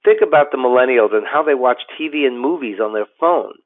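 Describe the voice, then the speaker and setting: A man, a company president, giving a scripted business webinar in a steady, explanatory way with occasional fillers and restarts. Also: medium pitch, brisk. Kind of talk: scripted webinar presentation over slides. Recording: tinny phone-like audio.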